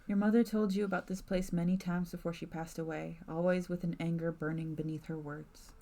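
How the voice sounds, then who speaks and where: A woman streamer reading a spooky game's narration aloud in a measured, softly dramatic way. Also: on the low side, flat delivery.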